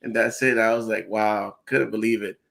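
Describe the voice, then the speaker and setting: A man co-hosting a podcast, telling stories in an earnest, excited way with laughs. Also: on the low side, moderate pace, gravelly. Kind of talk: casual chat.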